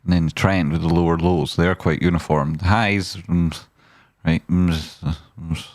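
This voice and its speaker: Male stream host, low-pitched, rambling and jokey chart talk, dry close sound. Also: steady tone, unhurried, darkish tone, no room sound. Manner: rambling and jokey, repeats "right?". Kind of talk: casual chart commentary.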